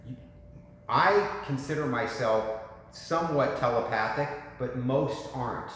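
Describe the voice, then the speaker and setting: A man in his fifties coaching a room of real estate agents in a lively, joking way, asking "right?" often. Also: mid-range voice, unhurried. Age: 50s. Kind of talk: talk to a room. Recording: echoey hall with faint noise.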